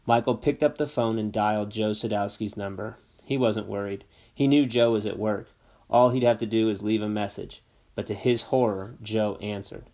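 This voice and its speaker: A man narrating a novel aloud for a classroom in a steady, unpolished reading voice. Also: fairly low pitch, normal speed. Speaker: amateur reader. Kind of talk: read-aloud story narration.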